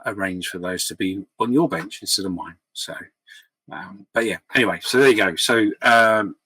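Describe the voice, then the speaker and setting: Male hobby vlogger, husky and forceful, rambling candid update, dry close sound. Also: low-pitched, no echo, low-quality recording. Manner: rambling, full of ums and restarts, candid and apologetic. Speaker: scale-model hobby vlogger. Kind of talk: casual update talk to camera. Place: home hobby room by his model shelf.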